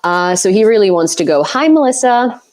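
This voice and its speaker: A woman's voice: mid-range voice, expressive, brisk, darkish tone. A woman from Ukraine, a native Ukrainian speaker, hosting a live stream from home in casual chat, teasing her guest and laughing often. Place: home, on a couch.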